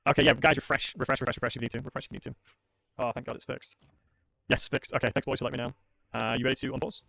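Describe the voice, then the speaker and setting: Racing through his words in a steady, sharp, gravelly mid-range voice, a young man streams a tournament match in a strategy game. He chats casually and makes self-mocking jokes, and the recording has no echo.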